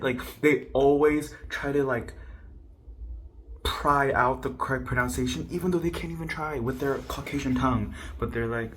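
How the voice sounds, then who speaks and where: Speaking fairly quickly in a medium-pitched, fairly bright voice, this young YouTuber, born in South Korea, shares a personal story to camera over a little hiss or hum. He's chatty and self-mocking, and he imitates how others sound.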